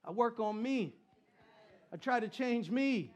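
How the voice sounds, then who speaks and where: Animated high-voiced male preacher. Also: takes it slowly. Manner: animated preaching with repetition and crowd banter. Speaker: pastor and Christian rapper. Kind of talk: sermon.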